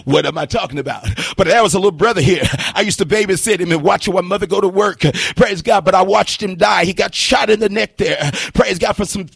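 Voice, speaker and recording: A middle-aged male pastor preaching a passionate sermon, calling out to the congregation and breaking into sung and shouted lines. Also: sits high, fairly quick, creaky, few pauses, breathy edge, no echo, studio quality. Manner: impassioned preaching, calls out to the congregation, sometimes sings and shouts.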